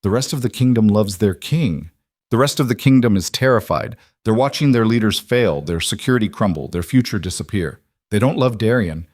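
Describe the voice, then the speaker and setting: A man reading as a cold, steady she-wolf leader. Her lines come low and even with no room sound, each one clipped and firm. A storybook heroine who does not back down. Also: a little fast, no room sound, clean studio sound. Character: defiant young female wolf-shifter leader, cold and steady. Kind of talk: audiobook character reading.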